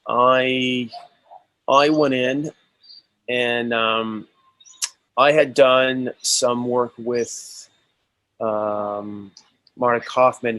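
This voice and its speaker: A man's voice: mid-range voice, a bit bright, no echo, low-quality recording. A male actor as an interview guest, telling stories in a casual, enthusiastic way with many restarts.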